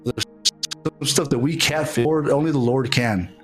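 A man preaching an online sermon, halting and repeating his words, earnest and heartfelt, calling viewers to prayer. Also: medium pitch, slightly rough, soft background music. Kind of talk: online sermon with altar call.

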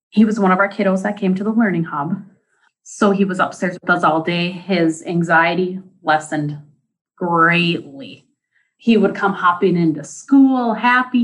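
Woman telling a school story, lowish voice. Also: low-quality recording. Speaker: school intervention educator. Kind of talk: storytelling in an interview.

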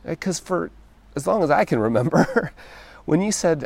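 A man hosting a solo podcast, speaking in a gentle, reflective, encouraging way and often checking in with "right?". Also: mid-range voice, expressive, fairly quick, creaky, no room sound. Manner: conversational, often ends thoughts with "right?". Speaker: podcast host.

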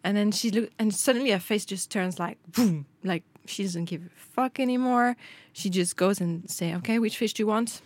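A woman's voice: medium pitch, moderate pace, few pauses, no room sound. A middle-aged woman, co-hosting a casual chat and telling a story with quoted dialogue. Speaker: podcast co-host.

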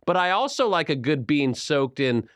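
Man, morning radio host, animated and joking, lively pitch, dry studio sound. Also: normal speed, dry recording. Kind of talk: playful morning radio banter.

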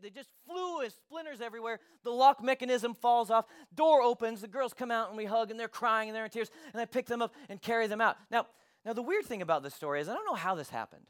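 A man in his thirties, a pastor, telling a lively personal story as the opening of a sermon, animated and emphatic. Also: very high voice, brisk.

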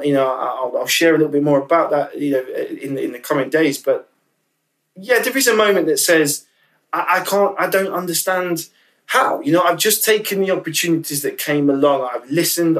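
A man's voice: on the high side, normal speed, far from the mic, rough recording. Candid, emotional man, a little off-mic. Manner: candid, emotional, many restarts and repeated words. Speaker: podcast guest. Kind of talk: casual interview chat.

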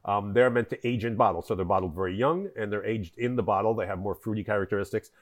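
Speaking quickly at a fairly low pitch, this wine importer is a guest on a podcast. In a conversational interview he explains history at length, filling his talk with fillers and restarts.

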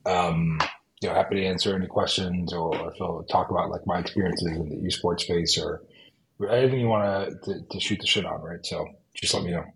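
A man in his forties with a low voice, guesting on an interview show as a company head. He speaks relaxed and informally, padding lines with "you know" and "right?". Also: brisk, a little hiss or hum, rough recording. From United States. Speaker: esports company CEO, guest. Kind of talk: casual interview.

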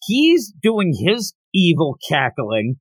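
A man co-hosting a podcast, casually recapping a manga chapter and acting out the characters' lines in quick voices. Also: high-pitched, husky, dry recording. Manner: animated retelling, quoting characters in quick voices. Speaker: podcast co-host.

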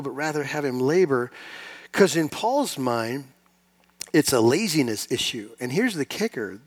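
A middle-aged male pastor delivering a sermon in a church sanctuary, his voice pitched a little high for a man. He talks to the congregation in a conversational way with touches of self-deprecating humor. His delivery swings from loud, emphatic peaks down to quiet, almost confiding asides. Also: slightly rough.

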